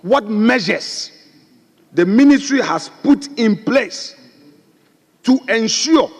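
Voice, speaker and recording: A man's voice: high voice, lively intonation, takes it slowly. A man, the minority leader, pressing a question insistently during a parliamentary debate. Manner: insistent, repeats his challenge. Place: large parliament chamber. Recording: long reverb of a large chamber.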